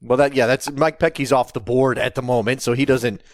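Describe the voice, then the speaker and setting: A man from Virginia co-hosting a soccer podcast in casual chat, halting and repeating phrases, often laughing. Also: mid-range voice, steady tone. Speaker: podcast co-host.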